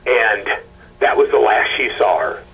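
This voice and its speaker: Husky man, halting and stammering, muffled lo-fi interview audio. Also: fairly low pitch, expressive. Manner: halting, stammering retelling with quoted dialogue. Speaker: husband of a missing woman, interview guest. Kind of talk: emotional personal account.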